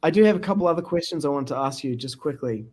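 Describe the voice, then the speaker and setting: Animated New man, higher voice. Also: quick pace. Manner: animated storyteller who acts out quoted people. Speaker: podcast host. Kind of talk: casual interview chat.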